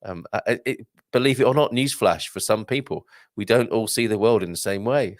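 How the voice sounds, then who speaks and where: A man hosting a live stream, chatting and reading out viewer comments with lively exclamations. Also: on the low side, fairly quick, no echo, studio quality. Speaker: host.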